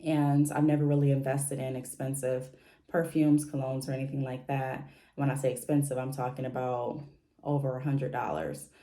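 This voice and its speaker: A woman's voice: rumbling low, level tone, moderate pace, dark tone. A woman chatting casually in a home vlog, rambling a little with fillers and restarts as she talks through her picks. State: briefly out of breath after stairs. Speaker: vlogger.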